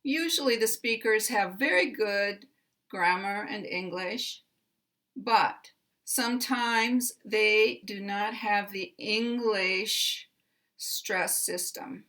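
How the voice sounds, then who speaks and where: Middle-aged American woman, pronunciation teacher, bright tone, very slow and deliberate delivery. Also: mid-range voice. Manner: deliberate, carefully enunciated, repeats example words. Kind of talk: slow instructional explanation.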